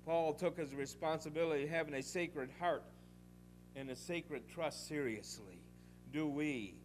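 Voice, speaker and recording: An older man delivers a fervent sermon in a notably high voice. He preaches with emphasis, pressing rhetorical questions on his listeners and weaving in homespun stories, swinging between loud exhortation and quiet asides. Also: a little slow, faint music behind. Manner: folksy storytelling with rhetorical questions.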